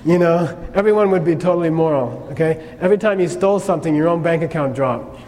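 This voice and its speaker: High-voiced man teaching in a hall. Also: fast talker, dark tone. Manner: conversational, keeps checking in with "okay?". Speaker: Buddhist teacher. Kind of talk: lecture on karma. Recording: long reverb, faint noise.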